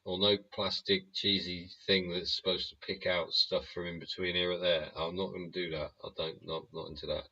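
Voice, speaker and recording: A man's voice: low voice, flat delivery, normal speed, hardly any pauses, sharp tone, dull audio. A man hosting a live stream, ranting bluntly and rambling with plenty of swearing. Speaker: livestream host.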